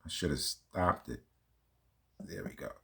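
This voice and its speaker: A man's voice: deep voice, a little slow, vocal fry, a bit bright. A man hosting a reaction video, talking casually and arguing emphatically between clips. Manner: emphatic, argumentative, fumbling with playback. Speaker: commentary channel host.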